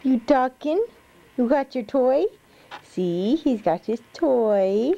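A woman's voice: high voice, lively intonation, takes it slowly, creaky, warm tone, dull audio. A woman, a mother, cooing to her baby in sing-song baby talk on a home video.

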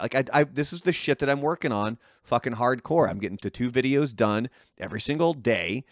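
A man's voice: mid-range voice, expressive, brisk, few pauses, no echo, studio quality. A man, a podcast co-host, talking in a laid-back, profane way in casual chat.

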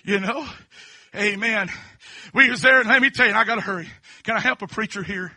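A preacher from Kentucky with a Southern accent, giving a testimony sermon. He shifts between quiet storytelling and fervent, shouted preaching. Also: sits high, a little fast, no echo.

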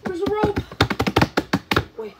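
A woman's voice: slow pace, very noisy. A woman playing a horror game, exclaiming, pleading and shrieking in panic. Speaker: gamer. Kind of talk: scared let's-play commentary.

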